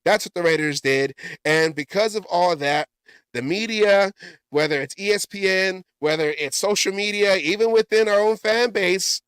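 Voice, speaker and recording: A man's voice: high voice, normal speed, fairly bright tone, smooth, dry recording, studio quality. A man hosting a casual sports talk show, rambling and often stumbling and correcting himself. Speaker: podcast host.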